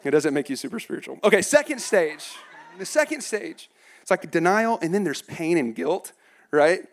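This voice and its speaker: A man's voice: a little high, moderate pace. A man in his thirties preaching a humorous sermon in church, laughing often and acting out quotes. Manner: animated, laughing, acts out quotes. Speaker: pastor.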